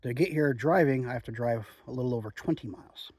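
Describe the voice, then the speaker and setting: A man chatting in a relaxed, rambling way outdoors in the woods while reviewing a chew. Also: medium pitch, quick pace, husky, no echo. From Oregon. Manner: chatty, relaxed, frequent "um" and "you know". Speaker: outdoor vlogger reviewing chewing tobacco. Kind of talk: rambling casual monologue.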